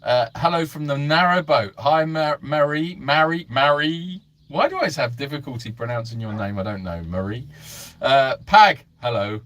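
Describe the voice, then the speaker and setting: A man's voice: medium pitch, normal speed, fairly bright tone. A man hosting a casual live stream for an animal sanctuary from a narrow boat, reading viewers' comments aloud and greeting each by name in a chatty, meandering way.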